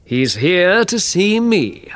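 A man voicing a calm, confident, kindly detective in an audiobook, speaking gently and reassuringly. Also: high voice, takes it slowly, voice pushed up, heavily acted. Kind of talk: audiobook character reading.

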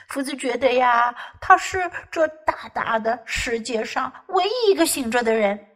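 Slow, lively woman teacher reading a bedtime story. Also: high voice. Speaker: English teacher.

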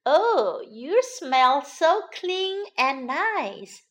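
A woman voicing a gentle, caring mother rabbit in a children's storybook reading, with a motherly, sing-song manner. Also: high-pitched, big pitch swings, extremely slow, exaggerated voice. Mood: tender.

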